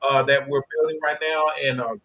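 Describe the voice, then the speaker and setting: A middle-aged man hosting a livestream, giving a motivational coaching talk in an emphatic, preachy way that swings between loud and low. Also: level tone, a little fast, rough recording. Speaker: livestream host and business coach.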